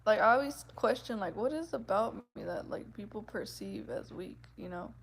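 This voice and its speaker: Soft-voiced, giggly young woman with a gravelly edge. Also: medium pitch, animated, moderate pace, a little hiss or hum. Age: 20s. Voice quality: soft, gentle voice. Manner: chatty, giggly, fills speech with "like". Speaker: vlogger chatting with viewers. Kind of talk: casual livestream chat.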